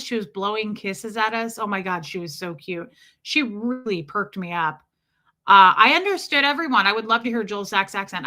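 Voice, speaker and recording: A woman's voice: mid-range voice, pushed and bright. A woman hosting a casual livestream, chatting and answering viewers' comments by name. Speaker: livestream host. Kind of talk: casual live-stream chat.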